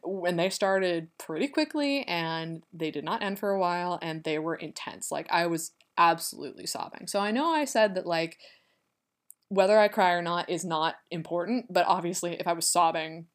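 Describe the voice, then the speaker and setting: A young woman with a slightly low voice hosts her own podcast from home. She tells a personal story in a loose, chatty way, full of fillers. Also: normal speed. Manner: chatty, rambling, lots of "like" fillers. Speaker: podcast host. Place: home room with her cats.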